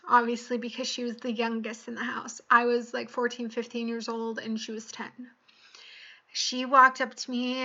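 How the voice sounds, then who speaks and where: A woman's voice: fairly high pitch, bright, forceful tone. A young woman vlogger earnestly telling a personal story to the camera, acting out the quoted voices along the way. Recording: dull lo-fi recording.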